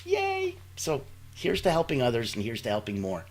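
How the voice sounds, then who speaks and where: Husky, animated male show host. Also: mid-range voice, brisk. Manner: animated and playful, with sound-effect interjections. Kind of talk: upbeat livestream hosting.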